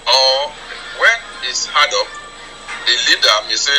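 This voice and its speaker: A man with a Nigerian accent, a surgeon, unhurriedly recounting his experience with many pauses over a video call. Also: mid-range voice, expressive, music in the background, low-quality recording.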